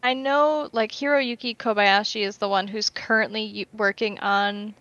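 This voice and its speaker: A woman co-host chatting casually on a podcast, animated and talkative, with the odd swear slipping in. Her voice sits at an ordinary middle pitch. The recording is dry and a little dull, with no room echo. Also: normal speed.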